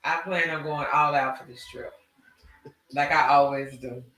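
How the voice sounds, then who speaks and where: An animated man holds forth in casual conversation, drawling and slangy as he tells his stories. His voice sits high and bright. The room around him rings with echo. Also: unhurried, far from the mic. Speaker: podcast host. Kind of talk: casual chat. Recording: echoey room.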